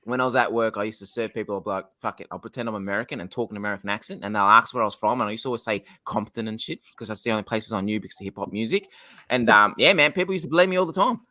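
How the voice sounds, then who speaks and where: A young Australian man with an Australian accent, chatting casually on a podcast, rambling, excitable and swearing a lot. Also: on the low side, racing. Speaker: podcast co-host. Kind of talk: casual chat.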